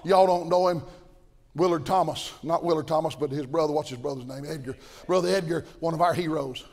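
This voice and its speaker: Older guy preaching hard, voice sits high, big hall echo trailing off. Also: fairly quick, creaky. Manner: impassioned, folksy, swings between shouting and low asides. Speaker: pastor. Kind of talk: fiery sermon. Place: large church auditorium at a conference. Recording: long reverb of a big hall.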